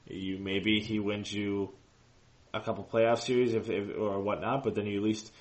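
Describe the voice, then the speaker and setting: A man with a very deep voice co-hosts a casual fan podcast. He talks in long, loose sentences and keeps restarting his thoughts. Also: steady tone, normal speed. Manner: rambling, many restarts and fillers. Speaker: co-host of a hockey fan show.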